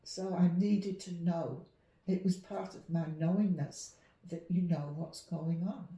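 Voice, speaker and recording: A woman with a softened Yorkshire English accent tells her stories with animation and slips into the voices of the people in them. Her tone is mellow and dark. The echo of the room carries around her. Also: lowish voice, unhurried. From Leeds, Yorkshire, England. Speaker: clairvoyant and medium, guest. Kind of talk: conversational storytelling. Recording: roomy echo.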